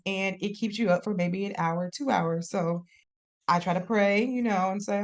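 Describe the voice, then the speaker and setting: A young adult woman chatting casually as a podcast guest, expressive and quick to laugh. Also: mid-range voice. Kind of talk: casual interview chat.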